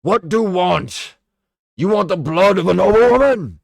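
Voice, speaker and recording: A man's voice: slow, no echo, exaggerated voice. A man voicing a brutal, bloodied soldier in a story reading, roaring and growling. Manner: roaring and growling, high and strained when shouting.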